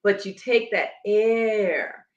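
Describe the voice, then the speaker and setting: A woman's voice: medium pitch, very slow, muffled recording. Woman breathing coach, emphatic, instructive, echoey room. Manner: emphatic, instructive, demonstrating as she explains. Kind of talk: conversational interview.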